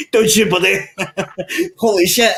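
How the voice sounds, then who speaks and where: A Scottish man rambles through a sweary story with friends, his voice sitting a little high for a man. He talks casually and loosely, piling on filler words and curses. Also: creaky, fairly bright tone, a little hiss or hum. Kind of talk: casual chat among friends.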